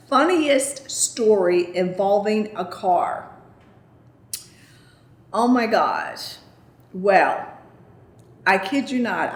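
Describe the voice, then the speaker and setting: Slow-talking chatty woman vlogger. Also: mid-range voice, reverberant. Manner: chatty, emphatic, repeats "I kid you not" and "okay?". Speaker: beauty vlogger answering viewer questions. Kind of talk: casual chat.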